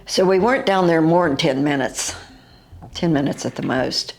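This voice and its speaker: An older woman with a West Virginian accent, recounting her own encounter as an eyewitness in a halting, vivid way, with fillers and restarts. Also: sits low, animated.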